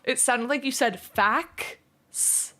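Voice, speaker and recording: A young woman streamer chatting to her viewers with a bright, high voice. She talks fast and giggles a lot, and she keeps fretting over her own pronunciation. Her pace drifts slow and drawn out. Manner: fast-talking, giggly, self-conscious about her pronunciation. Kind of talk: casual live-stream chat.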